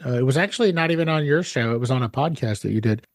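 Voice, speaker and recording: A man's voice: medium pitch, lively intonation, rapid-fire, no room sound, studio quality. A man hosting a podcast, asking curious questions with a joking, easygoing manner. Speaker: podcast host. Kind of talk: casual interview chat.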